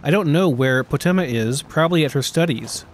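A man doing a smooth scheming prince. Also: fairly high pitch, brisk, a little hiss or hum, close to an everyday voice. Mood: wry. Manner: calm, wry, diplomatic. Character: smooth diplomatic adult prince, wry and scheming.

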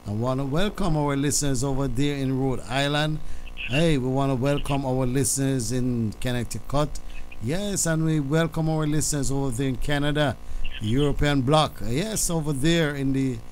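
A man hosts a gospel call-in radio program from a studio, using an ordinary mid-range voice. He repeats his phrases and reads out his announcements slowly and deliberately. A faint hum sits under his voice. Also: medium pitch, darkish tone, poor audio. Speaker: radio show host.

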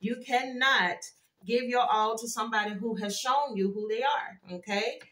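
A woman doing a casual tarot card reading for her viewers, animated and chatty, with frequent exclamations. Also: a little high, moderate pace. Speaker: tarot reader. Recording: echoey room.

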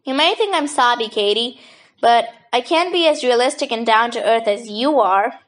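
Woman reading sentimental young woman, wry, grumbly, a bit nervous, fairly high voice. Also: normal speed, lightly acted. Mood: dreamy. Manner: wry, grumbling, gently dramatic. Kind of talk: audiobook character voice.

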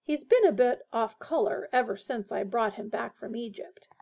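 A teenage boy who grumbles and gets defensive, with a sarcastic streak, as a woman reads him aloud. The voice is a little high and heard through a dull, lo-fi recording. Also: lively intonation, normal speed, gravelly, dark tone. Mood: grumbling.

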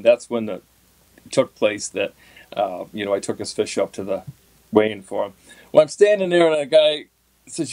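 A middle-aged man tells a long story in an easy, conversational way. He is animated and chuckles at his own misadventure. His voice sits at an ordinary pitch and sounds close and dry, with no room around it. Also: no echo. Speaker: podcast guest, tournament fishing pro. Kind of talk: casual storytelling.

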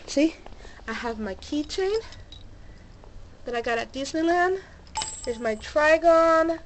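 On a moving handheld camera mic, a young woman gives a casual show-and-tell vlog of the collection in her bedroom. She's bubbly and gushing, letting out little cheers while sounding slightly out of breath and sick. Her voice is high, and the rough recording has slight background noise.

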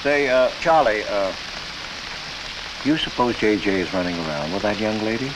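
An actor playing a shy, lonely middle-aged cashier who stammers and hesitates, in a 1940s film. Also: male voice, fairly low pitch, moderate pace, natural voice. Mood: bashful. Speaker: timid cashier. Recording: old film audio with noise.

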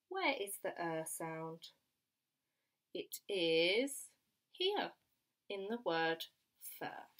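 A young woman teaching a phonics lesson to small children, slowly sounding out each letter and word. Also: deep voice, a bit bright. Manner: slow, clear sounding-out of letters. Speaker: primary school teacher.

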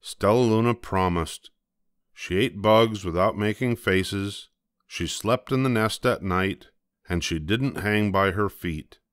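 An older man gently reading a children's picture book aloud, slowing down for the dramatic moments. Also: lowish voice, dry recording, clean studio sound. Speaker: storybook reader.

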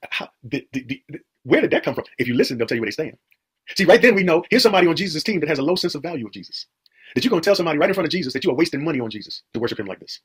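Male preacher, rapid-fire sermon delivery, heavily husky voice, emphatic repetition and rhetorical questions. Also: fairly high pitch, very animated. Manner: emphatic, repeats phrases, rhetorical questions to the congregation.

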